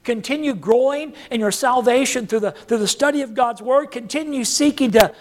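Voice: medium pitch, moderate pace. A preacher delivering a sermon, repeating key phrases for emphasis and calling on the congregation to say lines back and answer.

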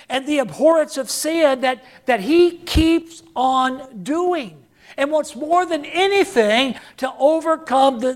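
A preacher delivering a sermon, repeating key phrases for emphasis and calling on the congregation to say lines back and answer. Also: high-pitched.

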